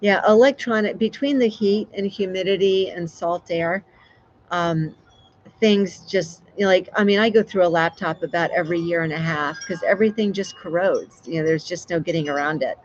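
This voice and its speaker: A woman's voice: fairly low pitch, normal speed, dull audio. A woman hosting a casual live stream, chatting with viewers in a rambling way with lots of fillers and restarts. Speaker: livestream host.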